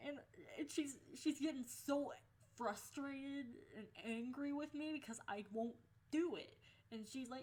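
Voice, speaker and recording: A woman's voice: sits high, unhurried. Young woman telling a candid story. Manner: candid, swears freely, laughs through the story. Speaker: vlogger. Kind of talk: casual storytelling.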